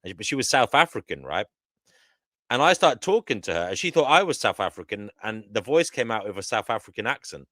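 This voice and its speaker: Low, bright man, dry sound. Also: big pitch swings, brisk, dry recording. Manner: anecdotal, hesitant. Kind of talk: casual group chat.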